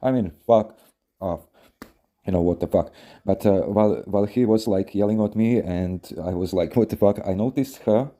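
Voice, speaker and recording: Low, dark-voiced man rambling with fillers. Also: moderate pace. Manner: rambling, many fillers, frequent swearing. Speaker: podcast host. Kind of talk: casual storytelling advice podcast.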